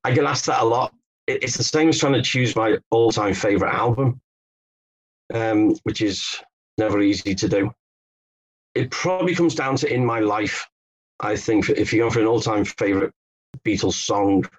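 A man's voice: fairly low pitch, moderate pace, a little hiss or hum, rough recording. A man from England, a guest author telling stories in an interview, hesitant with many restarts. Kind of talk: conversational interview.

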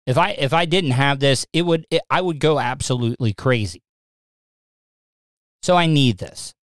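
Clear-voiced man rambling on a live stream. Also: medium pitch, normal speed, dry recording. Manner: rambling, stammering restarts, gets agitated. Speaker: live stream podcast host. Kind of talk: casual live-stream chat. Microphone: streaming setup mic.

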